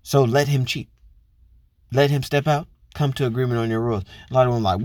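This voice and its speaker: A man's voice: mid-range voice, steady tone, a little fast, darkish tone, dry recording, studio quality. A man giving a blunt, profane relationship monologue, lecturing his listeners with pointed rhetorical questions. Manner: talks straight to women listeners, rhetorical questions. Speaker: commentator on relationships. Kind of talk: casual monologue.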